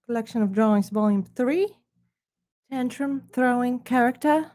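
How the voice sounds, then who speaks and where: A woman's voice: fairly high pitch, moderate pace, darkish tone. A woman from Ukraine, talking in a put-on British accent and giving a sarcastic, mock-snobbish preview of her own art books. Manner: sarcastic, dry put-on posh delivery.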